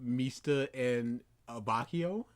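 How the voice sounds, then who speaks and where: A man co-hosting a casual commentary chat, loud and excitable, often mocking characters with put-on voices. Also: mid-range voice, slow. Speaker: co-host.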